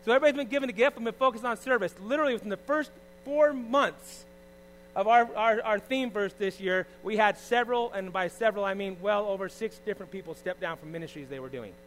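A middle-aged pastor preaching, swinging from loud emphasis to quiet, confiding asides. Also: male voice, high voice, fast, slight background noise. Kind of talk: sermon.

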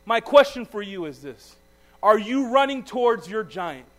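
A man preaching a sermon, reading scripture with some stumbles and then asking his listeners direct questions, his voice swinging from loud to very quiet. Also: high-pitched, very animated, normal speed.

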